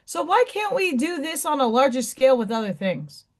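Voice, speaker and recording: A middle-aged woman hosts a relaxed livestream with a slightly high voice. She rambles from topic to topic and stops to greet her viewers by name. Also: moderate pace. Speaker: livestream host. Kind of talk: casual live chat with viewers.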